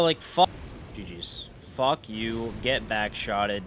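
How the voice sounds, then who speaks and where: A young gaming streamer with a medium-pitched, slightly bright voice speaks slowly over faint music. Playing a game, he swears, lets out frustrated outbursts, and mockingly trash-talks the bosses.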